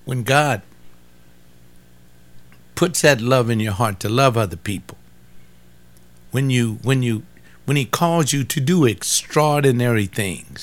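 An older man giving an informal sermon, repeating phrases for emphasis and talking straight to his listeners. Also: mid-range voice. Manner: repetitive, emphatic, conversational preaching. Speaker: pastor.

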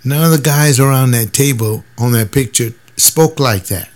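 A man's voice: mid-range voice, moderate pace, a little mellow. An older man and former soldier, talking in a casual, emphatic monologue and now and then mimicking other people's voices. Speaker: former soldier sharing views.

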